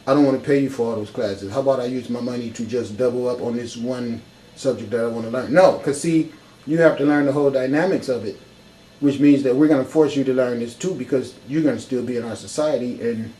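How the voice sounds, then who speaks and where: A man's voice: mid-range voice, dark tone, rough recording. A man giving an impassioned, profane talk full of rhetorical questions. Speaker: speaker in a discussion.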